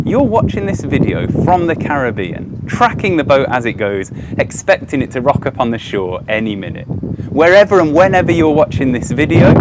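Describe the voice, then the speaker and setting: A man with a Brummie accent presenting an educational live stream outdoors, chatty and upbeat, with frequent ums and uhs. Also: a little high. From Birmingham, England. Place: outdoors by a car park. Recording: noisy outdoor phone stream.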